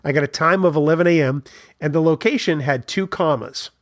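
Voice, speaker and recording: A man's voice: fairly high pitch, fairly quick, no echo. Storytelling podcast man, dry close mic. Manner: storytelling, animated anecdotes. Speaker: podcast co-host. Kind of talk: casual chat.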